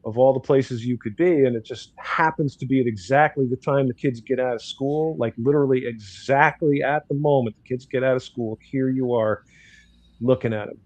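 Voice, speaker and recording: A man's voice: medium pitch, moderate pace, a little mellow, no room sound. Blunt older man telling a story. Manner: blunt, outspoken, acts out dialogue in quotes. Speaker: guest commentator. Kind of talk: casual storytelling.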